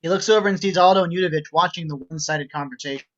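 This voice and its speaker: A man narrating screenplay stage directions in a steady, matter-of-fact way. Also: fairly high pitch, very fast, muffled recording.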